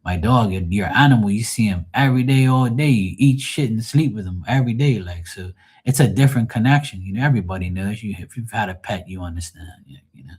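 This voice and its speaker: A man's voice: lowish voice, fairly quick, darkish tone, breathy edge. A middle-aged man talking casually and frankly to his live viewers, grieving, rambling and swearing freely. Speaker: livestream host.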